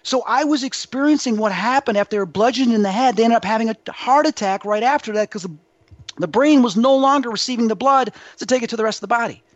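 A man being interviewed as a psychic medium, telling his story with animated emphasis. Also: extremely high pitch, quick pace, dry recording. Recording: dull dry lo-fi sound.

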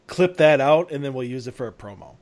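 A man hosting a casual interview, hesitant, stammering and quick to laugh. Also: mid-range voice, darkish tone. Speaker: podcast host.

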